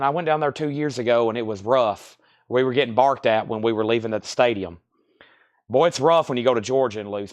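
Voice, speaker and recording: A man with a Southern US accent hosting a live record sale, reeling off titles and prices in a steady, folksy sales patter. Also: medium pitch. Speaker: host selling records on a livestream. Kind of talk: live sales stream, casual chat.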